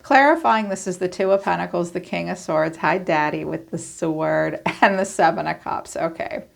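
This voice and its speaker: A woman's voice: on the low side, normal speed, creaky. A woman giving a casual tarot card reading, chatty and informal, thinking aloud as she goes. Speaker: tarot reader.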